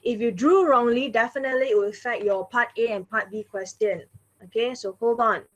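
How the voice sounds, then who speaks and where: Woman math teacher, patient and repetitive, slightly high voice, online class. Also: fairly quick. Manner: patient, repeats "all right" and "okay" often.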